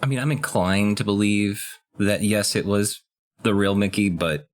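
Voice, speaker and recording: Deep-voiced dude cohosting a game podcast, gets hyped and squeaky over plot stuff. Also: male voice, moderate pace. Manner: excitable, pitch jumps high when enthused. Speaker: podcast co-host. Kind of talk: casual chat, recapping a video game.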